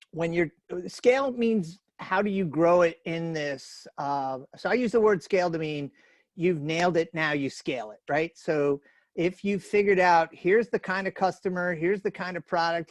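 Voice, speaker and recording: A man from the New York area gives a casual webinar talk over a video call. His voice is fairly high for a man, and he tells folksy stories with plenty of fillers. The sound is close and dry. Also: no echo. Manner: chatty, folksy storytelling with fillers. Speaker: webinar speaker.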